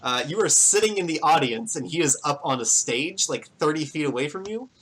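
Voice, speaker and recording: Bright-voiced man running a tabletop game. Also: fairly high pitch, lively intonation, brisk, slight background noise, low-quality recording. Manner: loose, filler-heavy narration. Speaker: game master.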